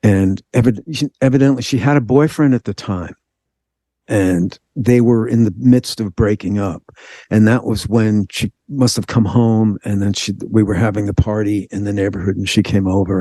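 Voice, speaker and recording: A man telling a personal story in an interview, animated, acting out the voices of the people in it. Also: on the low side, dry recording. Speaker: guest.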